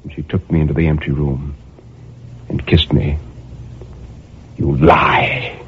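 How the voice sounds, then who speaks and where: A man's voice: rumbling low, flat delivery, normal speed, slight background noise. A man reading a dramatic first-person story in a brooding manner, with impassioned outbursts. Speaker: narrator. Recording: tinny narrow-band recording.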